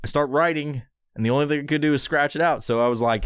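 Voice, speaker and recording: A male podcast host talks alone into a studio mic, rambling, sarcastic and heavy on swearing. His voice sits at a middling pitch and sounds dry and close. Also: fast talker, hardly any pauses, clear, resonant tone, no echo. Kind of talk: solo podcast talk with ad read.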